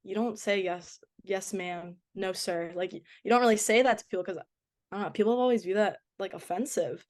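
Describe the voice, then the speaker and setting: A young woman with a light Boston accent chats easily as a podcast guest. Her voice sits at an ordinary middle pitch, and she talks in a casual way full of fillers and quick laughs. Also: a little mellow. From Boston area. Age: young adult. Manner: chatty, laughs often, many fillers. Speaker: guest, college soccer goalkeeper. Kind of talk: casual interview chat.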